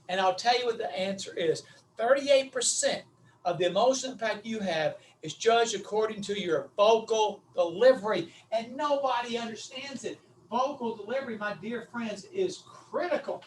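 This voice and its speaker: A middle-aged man with a Southern US accent giving a folksy, animated webinar lecture, calling his audience his friends. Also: high-pitched, recorded from a distance, slight background noise, poor audio. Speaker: webinar speaker on vocal delivery.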